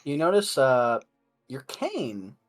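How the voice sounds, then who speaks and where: A woman's voice: rumbling low, huge pitch swings, slow pace, faint music behind. A woman narrating as game master of a tabletop role-playing game in a playful, laughing way.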